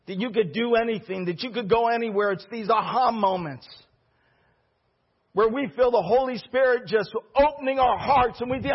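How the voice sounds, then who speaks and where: A man's voice: sits high, breathy edge, lo-fi sound. A male pastor preaching a sermon with fervor and repeating key phrases for emphasis.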